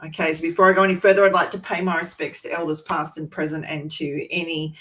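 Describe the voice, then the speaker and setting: A woman's voice: low-pitched, little pitch movement, fast talker, a bit bright. An Australian woman from Sydney, a language teacher giving an online presentation and explaining patiently with frequent ums. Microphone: video call.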